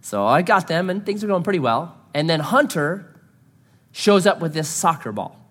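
Animated storytelling man. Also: on the high side, moderate pace, in a large hall. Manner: animated, self-deprecating storytelling. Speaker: pastor. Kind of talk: sermon storytelling.

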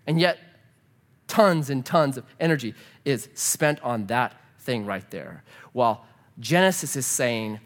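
A man preaching a sermon in church, animated and humorous, asking the congregation rhetorical questions. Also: medium pitch, measured pace. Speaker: pastor.

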